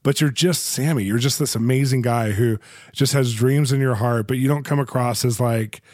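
A man's voice: medium pitch, normal speed, a little mellow, no echo, studio quality. A man from the United States hosting an interview podcast, enthusiastic and joking, laughing often as he chats. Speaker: podcast host. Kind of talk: casual interview chat.

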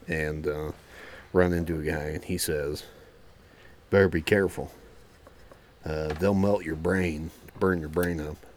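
A young adult man, a former Marine and firefighter, casually telling a profane, animated story as a podcast host. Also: low-pitched.

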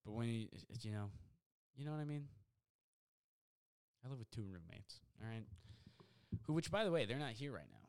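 A man's voice: mid-range voice, moderate pace, pauses often, clear, resonant tone. Rambling young man telling a story. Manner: rambling, filler-heavy, excitable retelling. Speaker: podcast host. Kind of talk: casual storytelling monologue. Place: apartment at home.

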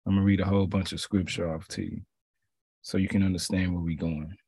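Street-casual preacher, man, slightly raspy, repetitive emphatic delivery, dead-dry sound. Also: sits low, level tone, fairly quick, mellow, no room sound. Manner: conversational, slangy, repeats phrases. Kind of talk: casual sermon.

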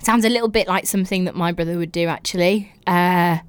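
A woman's voice: lowish voice, a little fast, clean tone, no echo. A young woman from England hosting a casual podcast, reading out listeners' stories and reacting with exaggerated, giggly comments. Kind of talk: casual chat.

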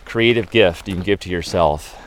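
A man's voice: sits low, normal speed, a little hiss or hum. A man, a photographer who leads photo walks, telling chatty, rambling anecdotes with many fillers in a casual interview.

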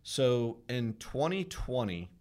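A man hosting a podcast, upbeat and chatty, reading out statistics in a measured way. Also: medium pitch, very animated, a little mellow. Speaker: podcast host. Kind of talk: casual podcast conversation.

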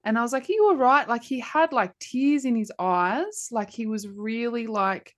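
A woman's voice: a little high, a little slow. A woman in her thirties, a podcast host, tells a personal story in casual talk with lots of fillers. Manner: animated storytelling, many fillers. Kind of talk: casual conversation.

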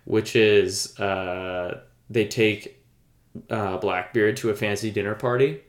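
A man's voice: on the low side, steady tone, slow, echoey room. A man co-hosting a casual podcast chat, rambling and enthusiastic, with lots of fillers. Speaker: podcast co-host.

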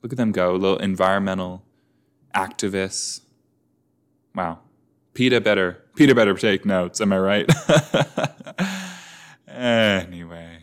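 A man's voice: sits low, unhurried, long pauses, clean tone. A man chatting casually and joking as he reacts to a show, with many fillers. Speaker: reaction video host.

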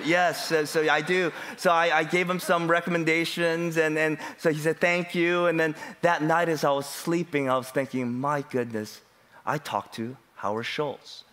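A middle-aged male pastor preaching a sermon, moving between relaxed storytelling and emphatic, rising preaching. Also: on the high side, normal speed. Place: church.

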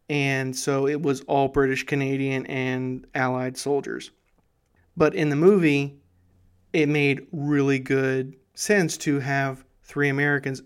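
A man's voice: mid-range voice, clear, resonant tone. A man hosting a history show, telling the story in a casual, enthusiastic way. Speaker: history podcast host.

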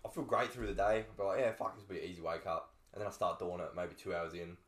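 A man's voice: low voice, steady tone, fast talker, a bit bright, a little hiss or hum. A young man co-hosting a podcast, explaining things plainly in a laid-back way with casual swearing. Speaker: podcast co-host. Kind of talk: casual chat. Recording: echoey room.

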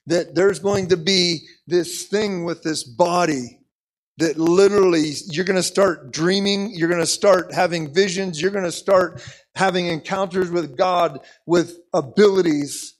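A man's voice: sits high, low-quality recording. An American man preaching an impassioned sermon, repeating phrases and leading the congregation in call-and-response.

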